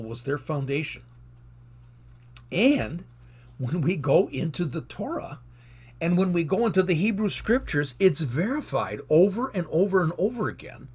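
A man's voice: a little high, husky. A man teaching from the Bible in an earnest sermon, reading verses aloud with rising emphasis.

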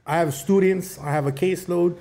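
High-voiced animated man with LA slang. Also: brisk, gravelly. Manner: animated, profane street slang, acts out voices. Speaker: podcast guest, behavioral interventionist. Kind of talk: casual podcast chat.

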